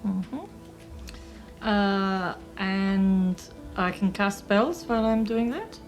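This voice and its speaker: A woman's voice: medium pitch, very slow, soft background music. A woman playing a tabletop game who politely asks the game master questions. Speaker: player.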